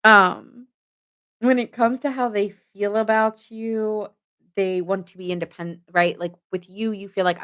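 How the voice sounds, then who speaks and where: A young woman gives her viewers a casual tarot reading in a clean, fairly bright mid-range voice, speaking a little slowly with fairly even intonation. She's chatty, giggles often mid-sentence and leans heavily on fillers like "like" and "giving."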